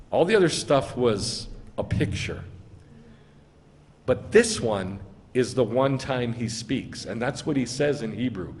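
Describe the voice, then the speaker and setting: Rabbi preaching in a reverberant hall. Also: male voice, medium pitch, a little mellow. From United States. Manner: reads scripture aloud and argues its meaning, rising emphasis on key lines. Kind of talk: sermon with scripture reading. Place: synagogue sanctuary.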